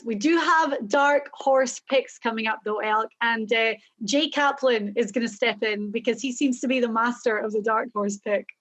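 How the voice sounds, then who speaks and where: Woman hosting golf picks chat, upbeat, highish voice, lots of "like". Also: normal speed, hardly any pauses, a bit bright. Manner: upbeat, stat-citing, uses "like" often. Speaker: golf show host. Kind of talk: casual betting chat.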